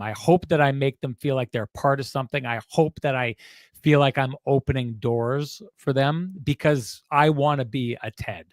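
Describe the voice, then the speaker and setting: Man, thirties, podcast co-host, halting and earnest, dry close mic. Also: medium pitch, dry recording. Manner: halting, repeats words, earnest. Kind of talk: emotional tribute on a post-game show.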